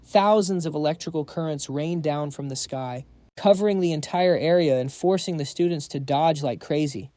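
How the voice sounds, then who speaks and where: Mellow-voiced man narrating a story recap. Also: fairly high pitch, normal speed, no room sound. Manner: dramatic, slangy storytelling.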